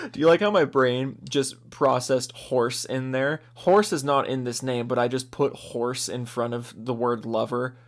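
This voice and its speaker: A man from Seattle reading out a long list of supporter names into a close desk microphone, excitable and profane, laughing at his own slips. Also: medium pitch, measured pace. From US, Seattle area. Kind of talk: rapid-fire casual list reading.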